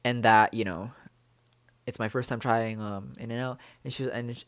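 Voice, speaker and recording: A young man chatting in a bubbly, rambling way for his vlog, full of fillers and excited exclamations. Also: mid-range voice, moderate pace, clear, resonant tone, no room sound. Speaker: vlogger.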